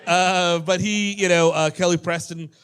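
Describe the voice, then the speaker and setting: A man's voice: sits high, steady tone, unhurried, fairly bright tone, clear, resonant tone, raised voice. A man co-hosting a live comedy podcast, recapping the plot in rambling runs and laughing often. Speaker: podcast co-host. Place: comedy club stage before an audience.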